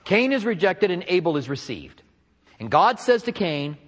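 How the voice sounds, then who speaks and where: A man preaching a sermon in an animated way, acting out the people he quotes. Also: sits high, normal speed, in a large hall. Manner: animated, acts out quoted speakers. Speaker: pastor.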